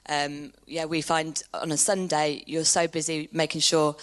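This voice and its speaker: A woman in her thirties, a small group leader being interviewed on a church stage, chatty and quick to laugh. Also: deep voice, flat delivery.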